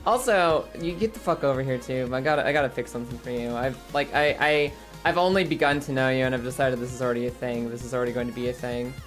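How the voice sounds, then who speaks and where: A woman streaming and chatting casually, her voice a bit hoarse and scratchy, laughing often and rambling. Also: extremely low pitch, fast talker, soft background music. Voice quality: scratchy throat.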